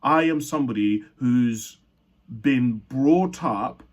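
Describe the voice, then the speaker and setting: Young guy from uganda telling his own story, earnest, keeps restarting sentences, mid-pitched voice. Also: takes it slowly, highs cut off. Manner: earnest, reflective, with frequent restarts and self-corrections. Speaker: speaker sharing his life story. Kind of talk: personal storytelling talk.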